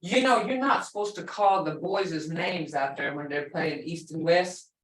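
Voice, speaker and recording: In a lowish voice at a measured pace, a woman leads a language class in a chatty way, telling stories and repeating words for her students. She's recorded at a distance from the mic in an echoey room.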